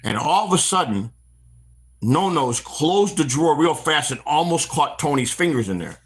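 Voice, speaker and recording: A man's voice: on the high side, moderate pace, slightly rough. A middle-aged man from the Chicago area, hosting a walk-and-talk stream and telling long rambling stories from his past while out on a walk, acting out the voices of the people in them. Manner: animated storyteller, acts out quoted voices, frequent restarts. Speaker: stream host. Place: outdoors on a walk.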